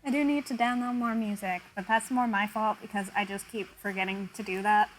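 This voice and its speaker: A woman's voice: mid-range voice, moderate pace, low-quality recording. A young woman streamer chatting casually with viewers, self-deprecating and laughing often. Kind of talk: casual chat with viewers while drawing.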